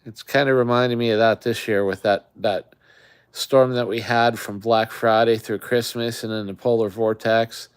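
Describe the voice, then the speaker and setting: Man, livestream host, rambling casual chat, smooth clear voice, middle pitch. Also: fairly even intonation, moderate pace. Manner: rambling, chatty, talks to viewers.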